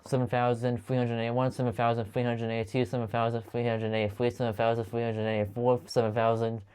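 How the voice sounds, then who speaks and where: Man rattling off numbers fast, flat delivery. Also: mid-range voice, clear, resonant tone. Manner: rapid steady counting with frequent stumbles and restarts. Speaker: channel host counting aloud. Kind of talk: long monotone counting video.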